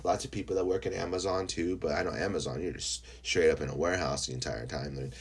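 Deep-voiced rambling podcast host. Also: male voice, fairly even intonation, quick pace, breathy edge. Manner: rambling and profane, full of fillers. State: high. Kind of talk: casual solo podcast monologue.

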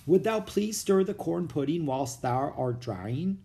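Male reader doing a young Pilgrim woman: formal, old-fashioned speech, a touch high, lilting. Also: lively intonation, a little slow, creaky, warm tone. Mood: polite.

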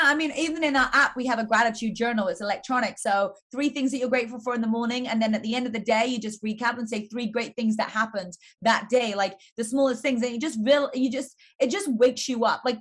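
An upbeat English woman speaks as a guest in a casual interview. Her voice sits a little higher than most women's, and she talks freely, sprinkling "like" through her answers. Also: fairly quick, hardly any pauses, fairly bright tone. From England. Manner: upbeat, heavy use of "like". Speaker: guest, fitness entrepreneur.

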